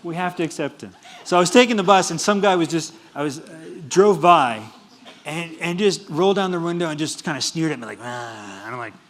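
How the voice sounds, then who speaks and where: A middle-aged man giving a humorous university lecture, animated and laughing at his own jokes. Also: a little high, a little fast. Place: lecture hall.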